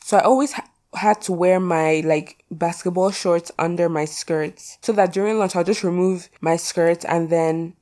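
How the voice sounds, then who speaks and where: A woman's voice: on the low side, steady tone, moderate pace, mellow. Chatty teenage girl podcasting. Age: teens. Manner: chatty, rambling, self-mocking with frequent "like". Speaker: podcast host. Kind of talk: casual solo podcast chat.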